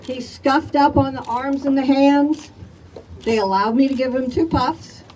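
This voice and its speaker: A woman's voice: sits high, fairly even intonation, measured pace, darkish tone, far from the mic, a little hiss or hum, low-quality recording. An older woman from Chicago, speaking emphatically to a crowd at an outdoor community rally. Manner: emphatic, rallies the crowd with "all right?". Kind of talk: impassioned public testimony.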